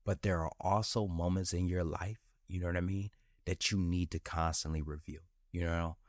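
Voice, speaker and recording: A man's voice: low voice, steady tone, moderate pace, darkish tone, no room sound, clean studio sound. A man hosting his own podcast, talking candidly and with feeling in a casual, slangy way and repeating phrases for emphasis. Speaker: podcast host. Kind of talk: casual motivational monologue.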